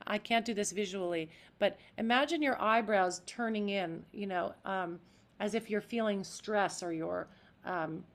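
An actress talking as a podcast guest in an animated, demonstrative way. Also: female voice, mid-range voice. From United States. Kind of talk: interview.

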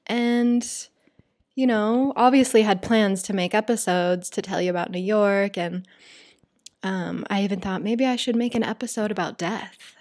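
A woman hosts a casual solo podcast, chatting straight to her listeners in a loose, confiding way packed with fillers like "like" and "you guys." Her mid-range voice has a steady, darkish tone at normal speed.

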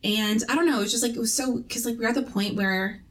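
A young woman from Canada, a podcast co-host, telling a personal story in casual chat with halting, rambling speech. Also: fairly high pitch.

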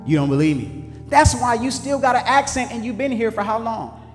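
A man preaching a sermon, swinging between shouted lines and low asides in call-and-response style. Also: lively intonation, a little fast. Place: church sanctuary. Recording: echoey hall with faint music.

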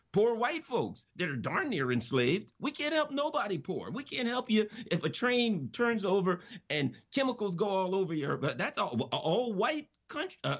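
A man's voice: on the high side, gravelly. A man giving impassioned political commentary on radio, preacherly and emphatic, with repeated phrases.

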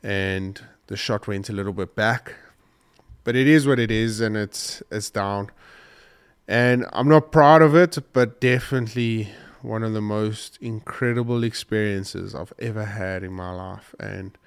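A man with a slightly low, smooth, clear voice recounts a hunt to his viewers. He rambles and restarts, sounding choked up and sniffly. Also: unhurried. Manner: emotional, rambling retelling with restarts. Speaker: hunting vlogger. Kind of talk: casual storytelling to camera.

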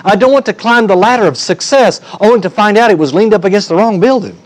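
High-voiced folksy male preacher. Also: quick pace, few pauses. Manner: folksy, emphatic preaching with humor. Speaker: pastor. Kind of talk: sermon.

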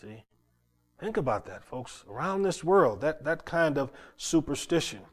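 A man preaching and telling stories, often repeating words and climbing louder as he gets worked up. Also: on the high side, sing-song, a little slow. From North Carolina, USA. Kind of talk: sermon storytelling.

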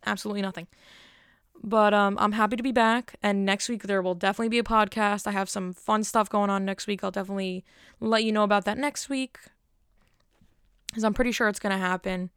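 A woman's voice: medium pitch, fairly even intonation, brisk, smooth, no room sound, clean studio sound. A young woman hosting her own podcast, rambling chattily and poking fun at herself. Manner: rambling, self-deprecating, chatty. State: cold, stuttering a little. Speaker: podcast host. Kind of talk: casual solo podcast chat.

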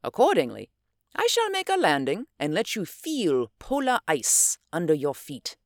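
A reader voicing a huge, excitable German scientist with a German accent and emphatic outbursts. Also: medium pitch, measured pace, no room sound, clean studio sound. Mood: grandly confident. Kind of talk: audiobook character voice.

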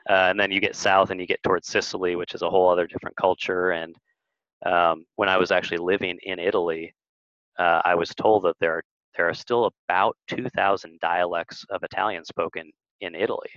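Low-voiced guy chatting away on a podcast, lots of ums, kinda dull lo-fi audio. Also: little pitch movement, brisk, fairly bright tone, no room sound. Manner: rambling, storytelling with many fillers. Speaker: podcast guest. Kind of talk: casual interview chat.

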